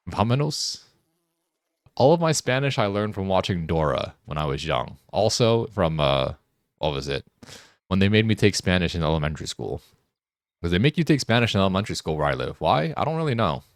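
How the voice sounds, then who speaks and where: A young man with a low, deep voice chats casually while streaming a game. He teases and jokes, often tripping over his own sentences. The sound is dry and close, with no room echo. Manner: joking, teasing banter with frequent restarts. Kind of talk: casual chat while gaming.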